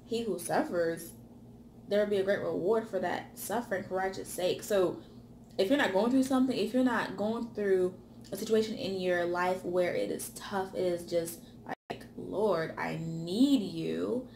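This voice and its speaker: A woman's voice: mid-range voice, moderate pace, slight background noise. Woman preaching in an echoey room. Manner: repetitive emphatic lists, softens to a hush on key words. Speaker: ministry speaker. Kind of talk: motivational sermon.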